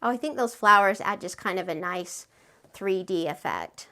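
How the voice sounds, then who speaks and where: A woman hosting a step-by-step craft tutorial, chatty and friendly, gushing with excitement over her project. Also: medium pitch, moderate pace.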